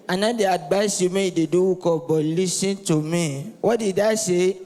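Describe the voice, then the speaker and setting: A Nigerian comedian with a high, bright voice works a live crowd, teasing and shouting for responses. The sound carries a long reverb from the hall. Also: male voice, moderate pace, few pauses. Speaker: stand-up comedian. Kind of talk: stand-up comedy set in Nigerian Pidgin.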